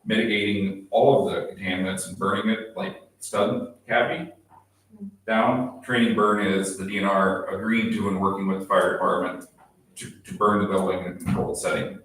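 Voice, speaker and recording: A man's voice: low-pitched, level tone, normal speed, a bit bright. A man explaining matters plainly at a town council meeting, often hedging on what he cannot answer. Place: small town council chamber. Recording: echoey room from far off.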